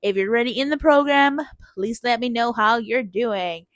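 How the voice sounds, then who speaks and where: A woman's voice: a little high, moderate pace, no room sound. A young woman talking casually in a vlog voice-over, filling her sentences with "like" and acting out her own past reactions. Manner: chatty, many "like" fillers, exclaims quoted reactions. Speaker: vlogger.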